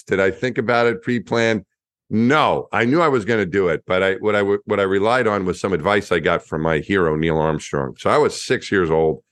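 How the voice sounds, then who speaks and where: Deep-voiced man telling a story. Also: no echo, studio quality. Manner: lively anecdotal storyteller with frequent restarts. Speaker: astronaut guest. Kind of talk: storytelling interview.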